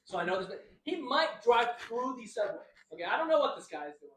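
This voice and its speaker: A young man co-hosting a podcast, telling stories casually and acting out the quotes loudly. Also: very high-pitched, brisk, distant mic, a little hiss or hum. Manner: animated, acts out quotes loudly. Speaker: podcast co-host. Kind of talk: casual storytelling chat. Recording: echoey room, voice a bit off-mic.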